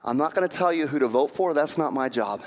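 High-voiced preacher in a reverberant hall. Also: male voice, expressive, fast talker. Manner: preacher who acts out quoted voices, rising to fervent emphasis. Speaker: pastor. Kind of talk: sermon.

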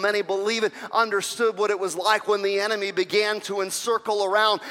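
A man preaching in a church, his voice high-pitched and bright. He swings from loud, urgent declarations down to soft, hushed asides. The sound carries a long reverb from the hall around him. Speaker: pastor. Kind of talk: sermon.

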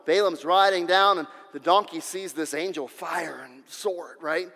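Brief: excitable male preacher, high voice, reverberant hall. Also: measured pace, creaky. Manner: restless, repeats words, builds to shouting. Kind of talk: sermon.

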